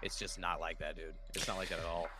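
A man's voice: low voice, flat delivery, fast talker, music in the background. A man with an American accent, co-hosting a podcast, talking bluntly and swearing freely in casual chat. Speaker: podcast co-host.

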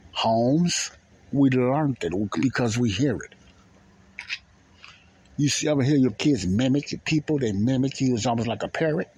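A man's voice: mid-range voice, darkish tone, breathy edge. A man hosting a podcast, talking in a casual, rambling monologue that repeats phrases in plain, folksy speech. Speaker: podcast host.

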